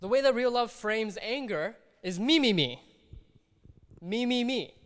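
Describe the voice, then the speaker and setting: Preaching a conversational sermon, a pastor acts out little scenes from daily life in a church hall recorded with long reverb. His very high-pitched voice is expressive, fairly bright and a little slow.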